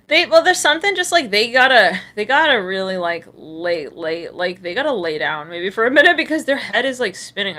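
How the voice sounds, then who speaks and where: Sassy, bright-voiced woman tarot reader. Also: medium pitch. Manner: chatty, sassy and blunt, with slang and swearing; laughs a lot. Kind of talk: live tarot reading for viewers.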